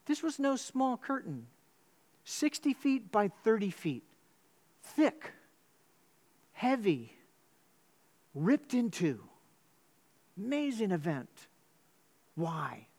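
A man preaches a sermon in a church. He tells his story with animated swings, jumping suddenly up in pitch before settling back down into a steady, measured delivery. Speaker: pastor.

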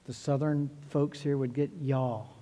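A middle-aged man preaching a sermon as pastor, earnest, often repeating words and slowing down to stress key phrases. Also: medium pitch, level tone, mellow.

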